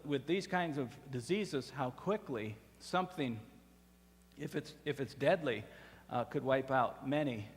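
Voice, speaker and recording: A man preaching a sermon as pastor, in a conversational style with fillers and restarts, from a church sanctuary. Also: fairly high pitch. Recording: reverberant church hall.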